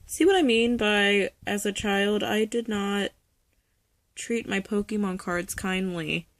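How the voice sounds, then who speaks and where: A young woman chatting casually about her collection, nostalgic and rambling, sometimes dropping to a soft whisper. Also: medium pitch, slow, no room sound. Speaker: vlogger showing a card collection. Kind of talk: casual chat. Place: bedroom.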